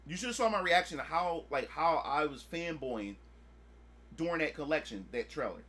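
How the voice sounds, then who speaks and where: A man streaming a casual chat, excitable and swearing freely, acting out his own past reactions. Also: a little high, moderate pace. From United States.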